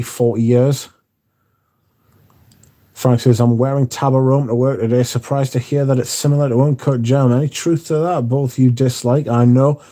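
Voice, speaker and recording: A man's voice: mid-range voice, dark tone. A man hosting a casual livestream, reading viewer comments aloud and answering them, swearing casually. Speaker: livestream host reading chat.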